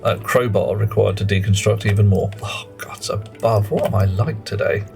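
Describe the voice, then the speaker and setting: Male streamer, rambling and self-mocking, low register. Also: fairly even intonation, fairly quick, gravelly, darkish tone, soft background music. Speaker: game streamer. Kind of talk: live gameplay commentary and chat.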